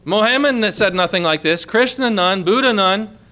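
A man preaching a sermon, emphatic, repeating key phrases and dropping to a hush for quoted lines. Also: sits high, moderate pace.

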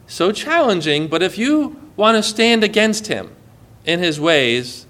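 A man preaching a sermon in an earnest way, often dropping soft and low as he quotes. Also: sing-song, unhurried.

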